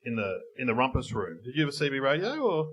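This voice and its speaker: A man's voice: medium pitch, big pitch swings, quick pace, a bit bright. An Australian man co-hosting a podcast live on stage in a bar, joking and laughing through rambling, casual banter. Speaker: podcast co-host.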